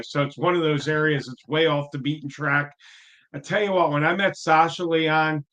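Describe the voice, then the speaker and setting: A man's voice: a little high, fairly bright tone. A man introducing a guest in an enthusiastic, rambling casual chat.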